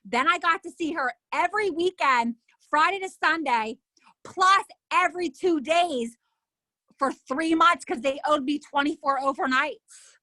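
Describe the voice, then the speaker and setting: Woman, middle-aged, high-pitched, animated, indignant, acts out others' lines, dry recording. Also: measured pace, dry recording. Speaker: interview guest. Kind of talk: emotional personal storytelling.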